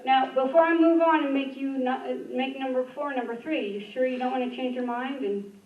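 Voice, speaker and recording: High-voiced joking woman hosting open mic. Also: steady tone, fairly quick. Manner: joking, laughs at herself. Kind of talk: casual event hosting. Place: library community room. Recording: roomy, distant, dull room sound.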